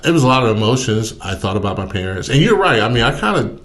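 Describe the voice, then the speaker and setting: A man's voice: mid-range voice, fast talker. A middle-aged man, a former pro football player, telling stories in a casual interview and acting out the other voices in them. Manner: animated storyteller who acts out the other voices in his stories.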